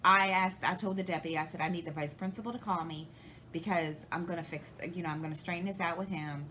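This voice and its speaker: A woman in her forties talks in a somewhat low voice, meandering through a story with restarts and acted-out dialogue. A faint hiss of background noise sits under the recording. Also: steady tone, fast talker, sharp tone, poor audio. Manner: rambling, retells conversations, many restarts. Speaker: crafting channel host. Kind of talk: casual storytelling to camera.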